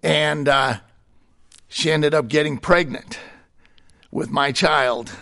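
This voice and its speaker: A middle-aged man tells his story with candid, plainspoken honesty. His voice sits a little high and breaks into a short chuckle between stories. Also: steady tone, slow pace, gravelly, bright, forceful tone. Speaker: guest sharing his testimony. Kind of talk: personal testimony in conversation.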